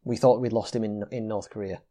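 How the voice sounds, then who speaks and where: A man's voice: on the low side, steady tone, fairly quick, dark tone. A man playing in a tabletop game, casually describing his character's actions. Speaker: player. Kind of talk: casual tabletop role-play chat.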